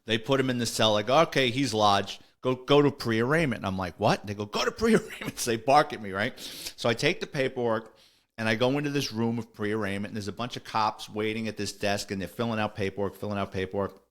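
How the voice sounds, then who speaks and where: A man's voice: lowish voice, fast. An older man, a retired police officer telling stories on a podcast in a rambling way, full of fillers and self-corrections. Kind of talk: casual storytelling.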